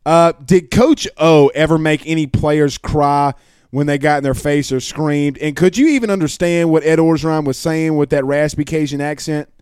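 Male interview host, slightly higher voice, smooth and clear, chatty delivery. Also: normal speed, darkish tone, dry recording, studio quality. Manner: conversational, reading viewer questions. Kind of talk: interview hosting.

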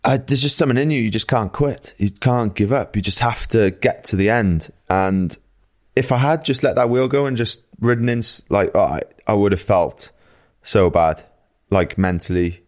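A man's voice: lowish voice, moderate pace. A man and pro cyclist chatting casually on a podcast, laid-back and filling his talk with "like" and "you know".

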